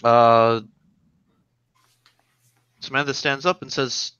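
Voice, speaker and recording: A man's voice: mid-range voice, steady tone, takes it slowly, fairly bright tone, clean tone, no echo, muffled recording. A man playing in a tabletop game, describing his character's actions in the third person. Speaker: player.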